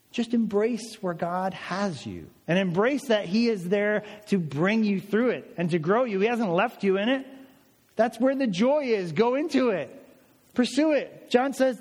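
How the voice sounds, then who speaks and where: A man's voice: high voice, a little mellow, in a large hall. A pastor preaching a sermon to his church, earnest and emphatic, repeating phrases for stress. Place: church sanctuary.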